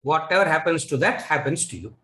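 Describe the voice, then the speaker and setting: A man's voice: on the high side, expressive, a little fast, sharp tone, echoey room, rough recording. A man with a Tamil-influenced Indian English accent gives a spiritual lecture. He repeats his key lines and asks the listeners rhetorical questions. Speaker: Vedanta teacher.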